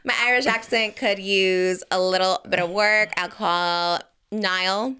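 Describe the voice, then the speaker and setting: A woman's voice: medium pitch, fairly even intonation, takes it slowly, sharp tone. A woman hosting a podcast, chatting casually in a playful, rambling way. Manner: playful, rambling, puts on joke voices. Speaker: podcast host. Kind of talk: casual gossip chat.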